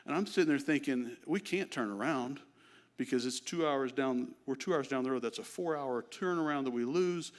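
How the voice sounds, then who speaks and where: A middle-aged man giving a church testimony, telling his story in an animated, self-deprecating way. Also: medium pitch, moderate pace. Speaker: guest speaker. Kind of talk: sermon testimony.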